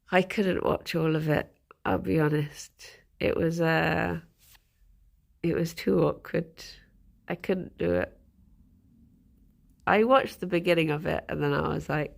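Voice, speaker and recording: A woman's voice: medium pitch, lively intonation, slow, gravelly, pauses often. A woman streamer chatting casually on a live stream, congested from a cold, reading out chat messages and laughing often.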